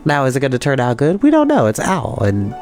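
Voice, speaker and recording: A man reading a children's book aloud, in a lively way with chatty asides. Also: mid-range voice, a little fast, faint music behind. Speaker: storyteller.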